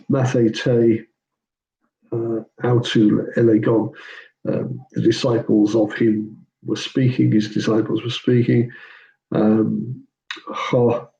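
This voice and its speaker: In a muffled, echoey recording, a pastor with a creaky, warm, medium-pitched voice informally teaches biblical Greek grammar. He is hesitant, frequently saying um and correcting himself.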